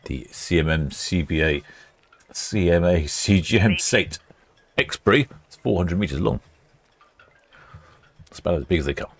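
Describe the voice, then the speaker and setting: Deep gravelly-voiced male livestream host. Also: animated, normal speed, long pauses. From England. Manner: chatty, rambling, reads out viewer comments. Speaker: livestream host narrating ship departures. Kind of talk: casual live commentary. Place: quayside port camera station.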